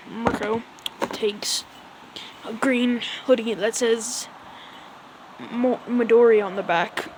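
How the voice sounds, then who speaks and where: Woman, fan recapping a story, loose casual delivery, rambling with filler words, voice sits a touch high. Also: a little hiss or hum, rough recording. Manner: rambling, full of "like" and "so yeah". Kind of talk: casual retelling.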